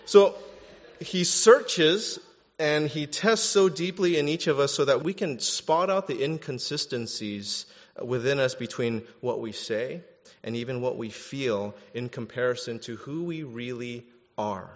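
A male pastor delivers an animated sermon, joking and swinging between hushed asides and loud outbursts. His voice sits at an everyday middle pitch. It rings through a hall with a long echo, and the recording sounds dull and muffled. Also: a little slow.

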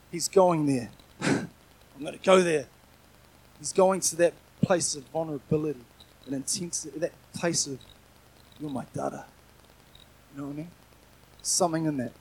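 A man's voice: fairly high pitch, a little mellow, slight background noise, low-quality recording. A middle-aged man preaching a sermon in a conversational, earnest way, often restarting his sentences and adding asides.

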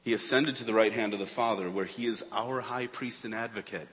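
A lower-voiced man preaches to his congregation, earnest and searching. He builds to urgent emphasis, then drops almost to a hush. His voice rings with the long reverb of a large church hall. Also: steady tone, fairly quick. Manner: earnest, rises and falls between urgent and hushed. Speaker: pastor. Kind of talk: sermon. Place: church sanctuary.

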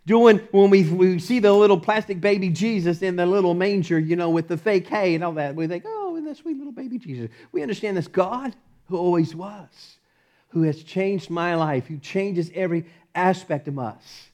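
A fervent male pastor with a fairly high voice delivers a sermon. He drops to near-whispers on repeated phrases, then builds to ringing declarations, stumbling over restarts and chuckling as he goes. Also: moderate pace. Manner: impassioned, swings from hushed to loud with restarts and chuckles.

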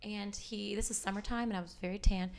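A woman in her twenties in casual chat, telling animated stories and laughing often. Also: medium pitch, fast talker.

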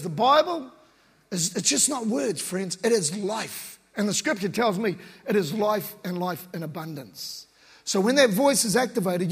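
Guy preaching casual and slangy, high husky voice, big echoey hall. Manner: relaxed, slangy, conversational preaching. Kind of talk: casual sermon. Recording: long reverb of a large hall.

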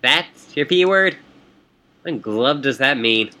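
A man's voice: medium pitch, animated, unhurried, pushed and bright. A man voicing a brash teenage troll girl who talks in slang and fish puns while reading game dialogue. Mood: teasing. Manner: cocky, slangy, pun-heavy.

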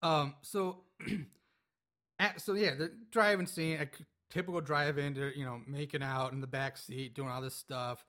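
Bright, high-ish man recapping a film casually. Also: steady tone, unhurried. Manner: rambling, laughs, acts out lines from the film. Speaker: podcast co-host recapping a movie. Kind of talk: casual chat.

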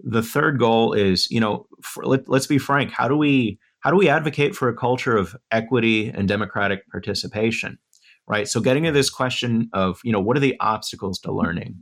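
A man's voice: mid-range voice, fairly quick, vocal fry. A man being interviewed as an author and educator, laying out his points in order in an earnest, thoughtful way. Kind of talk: conversational interview. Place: Durham area.

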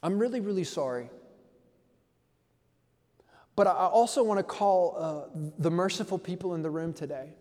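A man's voice: sits high, normal speed, pauses often, a little mellow, in a large hall. A man pastor preaching a conversational sermon, telling stories in a playful way.

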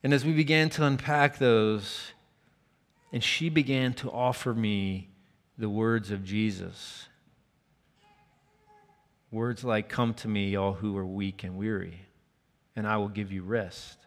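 A man preaching a sermon, telling a personal story with earnest warmth and dropping to a near whisper for quoted lines. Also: lowish voice, steady tone, slow pace, long pauses. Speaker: pastor. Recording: long hall reverb.

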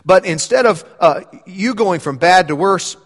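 Male pastor mid-sermon, lively teaching delivery, slightly higher voice, echoing hall. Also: measured pace, husky. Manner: animated preaching, rising for quoted lines.

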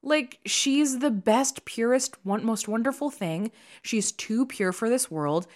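A woman's voice: a little high, takes it slowly. A young woman co-hosting a podcast, talking in an emphatic, opinionated, chatty way. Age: young adult. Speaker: podcast co-host. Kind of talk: casual chat.

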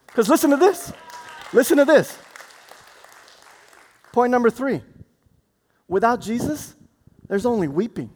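A man preaching a sermon, swinging from loud, excited delivery to hushed, low passages. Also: unhurried, pauses often, a faint crowd, a little hiss or hum. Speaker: pastor.

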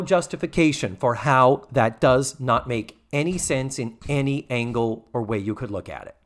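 A man casually recapping a sitcom episode as a podcast co-host, animated and swearing freely as he acts out the lines. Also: mid-range voice, moderate pace, few pauses.

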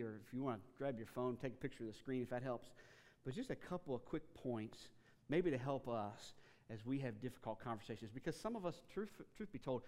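In a large hall, a man with a mid-range voice preaches a sermon as a pastor. He tells the story casually and with animation, restarting himself often.

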